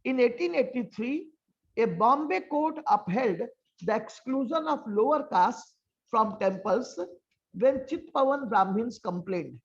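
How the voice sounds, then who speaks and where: A woman delivers a measured, lecturing prepared talk. Her voice is gravelly, with a fry at the ends of phrases. The audio is dull and lo-fi, as over a video call. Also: a little high, animated. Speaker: panel speaker.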